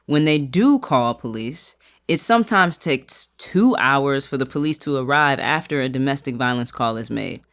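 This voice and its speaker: Measured, explanatory advocate in an interview. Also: medium pitch, lively intonation, a bit bright. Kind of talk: recorded interview clip.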